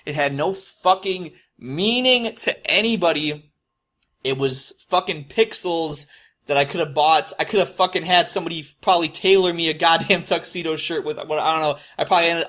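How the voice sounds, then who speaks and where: A man's voice: on the high side, fairly even intonation, fast talker, fairly bright tone. A young man telling a rambling, swear-heavy confessional story and mocking his past self. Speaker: host. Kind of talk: profane confessional monologue.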